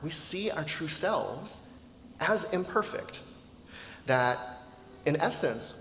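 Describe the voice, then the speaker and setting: Man, minister, sermon, conversational, roomy reverb, faint background hum. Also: medium pitch. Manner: conversational, animated storyteller, asks rhetorical questions. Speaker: minister giving a dharma talk. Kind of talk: sermon with personal story. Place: temple hall. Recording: roomy hall echo with faint ambience.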